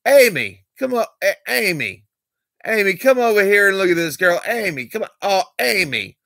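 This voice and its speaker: A squealing, excitable guy hollers over and over for someone to come look, as a man puts him on. The voice leaps far above its natural pitch, thin and strained, with a gravelly edge underneath and a dry, close sound. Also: normal speed, dry recording, full character voice. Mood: excited. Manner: squealing, repetitive calling out.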